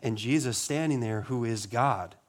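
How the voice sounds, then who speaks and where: A pastor preaching a sermon, asking the congregation rhetorical questions, building emphasis and then dropping to a low, quiet voice on solemn lines. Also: male voice, moderate pace. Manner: rhetorical questions, rising emphasis on key words.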